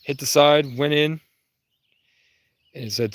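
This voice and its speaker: A man's voice: a little high, slow pace, a bit bright. A man livestreaming outdoors in the countryside, rambling casually and answering viewers' comments. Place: outdoors in rural Vermont.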